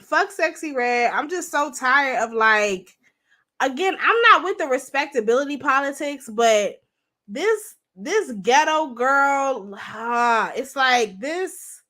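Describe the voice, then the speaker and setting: A woman's voice: high voice, sharp tone. A young woman hosting a livestream, chatting bluntly and profanely to her viewers. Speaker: livestream host. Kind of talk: casual livestream commentary.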